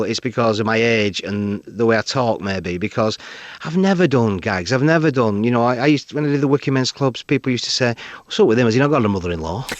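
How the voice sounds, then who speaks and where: A middle-aged comedian with a Northern English accent tells anecdotes as a guest on a radio interview in the studio. He's animated and acts out the voices of people he quotes. His voice is medium in pitch, and the recording is dry.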